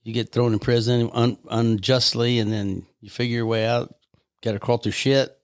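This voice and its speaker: An older man from the United States, a podcast guest telling anecdotes in a lively way, repeating words and laughing often. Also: medium pitch, moderate pace, no echo, clean studio sound. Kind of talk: casual storytelling chat.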